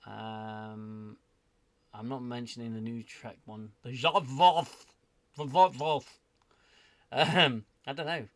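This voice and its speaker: Guy rambling through a livestream chat, gravelly, keeps saying sorry. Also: mid-range voice, steady tone, slow. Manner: rambling and self-deprecating, apologizes often. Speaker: livestream host.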